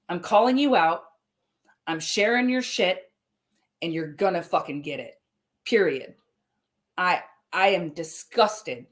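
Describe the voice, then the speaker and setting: A woman's voice: lowish voice, lively intonation, unhurried, pauses often. Heated, swearing woman on a livestream. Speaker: livestream host. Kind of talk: angry livestream address.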